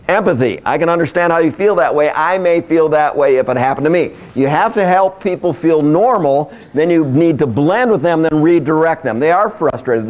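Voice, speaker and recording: A man giving a live seminar presentation, joking and speaking directly to his audience. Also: a little high. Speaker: workshop speaker.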